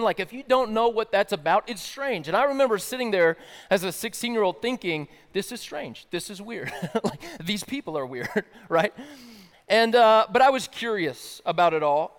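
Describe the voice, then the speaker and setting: A man's voice: high-pitched, smooth, in a large hall. A man from the American South giving a casual, slangy personal testimony as a worship-night speaker. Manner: casual, youthful slang, laughs often. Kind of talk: sermon-style personal testimony.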